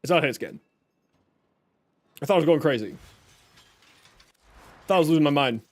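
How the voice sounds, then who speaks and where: A man's voice: fairly high pitch, animated, normal speed, a little mellow. A young man streaming a game, chatting casually with viewers, joking and explaining his build. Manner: chatty, jokey, reads chat aloud and explains builds. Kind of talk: casual live stream chat.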